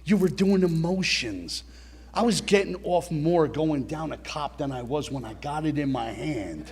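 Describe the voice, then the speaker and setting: A man's voice: a little high, animated, measured pace, a little mellow. A middle-aged man telling a blunt personal story at a recovery meeting, swearing and talking straight to his listeners.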